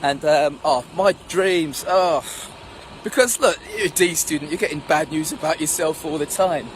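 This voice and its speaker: A man's voice: fairly high pitch, moderate pace. A middle-aged man tells a personal story outdoors, acting out the voices of the people in it. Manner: animated storyteller who acts out the voices of people in his story. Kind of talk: storytelling monologue. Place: outdoors at sunrise. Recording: outdoor noise with passing traffic. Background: street and traffic noise.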